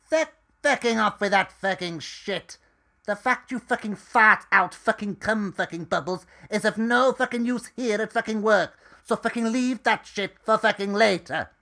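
Man acting out a bossy swearing woman, loud, high, bright. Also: moderate pace. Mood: furious. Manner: shouting, swears in every phrase. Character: foul-mouthed bossy woman, hotel owner's sister.

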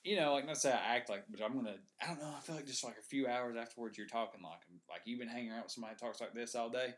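Man, podcast co-host, loose rambling talk, mid pitch. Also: rapid-fire. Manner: rambling, many restarts and fillers. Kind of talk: casual chat.

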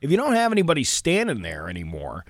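A man's voice: on the high side, huge pitch swings, fast talker, dry recording, clean studio sound. A man co-hosting a morning radio show who banters casually, makes skeptical asides and reads news items.

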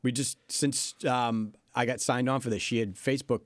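A man's voice: mid-range voice, fairly even intonation, moderate pace, no room sound. A man who works as a DJ, a guest on a radio show, joking and talkative on a studio mic. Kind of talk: casual radio chat.

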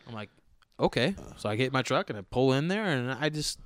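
A man telling stories in casual podcast chat, profane and animated, acting out what people said. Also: medium pitch, brisk, no echo, clean studio sound. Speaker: podcast co-host.

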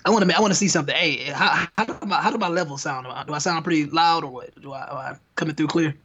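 A man's voice: a little high, quick pace, pushed and bright, breathy edge, lo-fi sound. A young adult man co-hosting a podcast in a casual, laid-back, slangy way. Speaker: podcast co-host. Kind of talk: casual chat.

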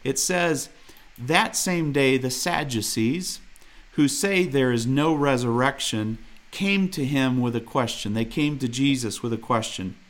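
A man's voice: medium pitch, a little slow. A man preaching a sermon in an earnest, direct way, reading scripture aloud and challenging listeners with questions. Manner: reads scripture aloud and comments on it.

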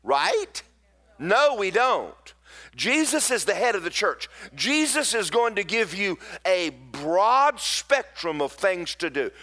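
A man's voice: sits high, sing-song, unhurried, hardly any pauses, pushed and bright. A middle-aged man, a pastor preaching a sermon in folksy storytelling with emphatic bursts.

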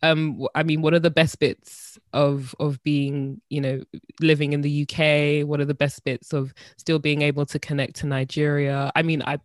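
A woman's voice: low voice, level tone, moderate pace, no room sound, studio quality. A woman hosting a podcast interview in a casual way, chatty and full of fillers like "like" and "you know". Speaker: podcast host.

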